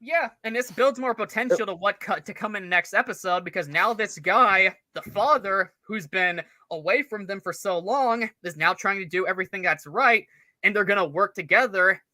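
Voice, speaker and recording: Man, co-host, casual review chat, rambling analysis, very bright tense voice, dry sound. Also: high-pitched, moderate pace, no echo.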